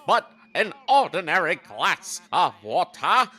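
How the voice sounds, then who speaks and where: A man imitating an over-the-top male high-diving dog from an old cartoon, with a theatrical, drawn-out delivery. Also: sing-song, bright, forceful tone, slightly rough, exaggerated voice. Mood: boastful.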